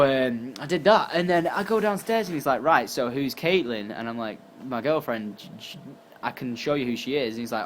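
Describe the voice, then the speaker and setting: Casual storyteller, young man, tired but animated, faint hiss behind. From England. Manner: animated, acts out quotes with jumps in pitch and volume. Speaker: YouTuber.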